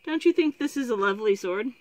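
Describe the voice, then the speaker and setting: A woman's voice: on the high side, animated, fast talker, a little mellow, dry recording, pitched above the performer's own voice, close to an everyday voice. Woman reader as a muddled, well-mannered storybook prince. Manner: muddled, hesitant. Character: dim, polite young prince.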